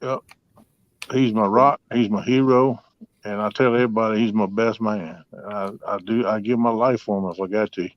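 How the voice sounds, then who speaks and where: A man's voice: on the low side, fairly even intonation, moderate pace, dry recording. Man in his fifties, folksy and drawling, dull dry lo-fi sound. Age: 50s. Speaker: host. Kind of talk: casual storytelling chat.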